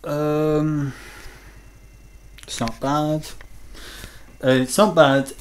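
A man's voice: mid-range voice, a little hiss or hum, poor audio. A British man filming a casual home vlog on a handheld camera, rambling and hesitant with lots of ums. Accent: British English. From Britain. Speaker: vlogger reviewing a coffee machine.

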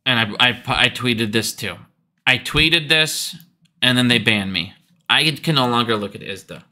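A man's voice: mid-range voice, measured pace, pushed and bright. A man ranting heatedly about banks in a profane finance commentary vlog.

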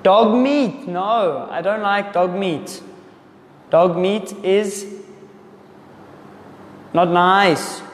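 Guy teaching english, talks super slow and simple, pretty high voice, lots of room echo. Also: fairly even intonation, slight background noise. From South Africa. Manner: deliberately slow, simple speech for learners. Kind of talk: casual livestream answering viewer comments. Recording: echoey room with long reverb.

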